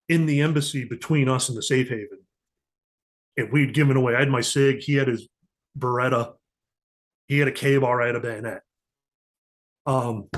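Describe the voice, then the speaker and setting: A middle-aged man, a diplomatic security agent and podcast guest, telling a story in conversation and acting out the voices he quotes, with the odd curse. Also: mid-range voice. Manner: animated, acts out quoted voices, profane at times.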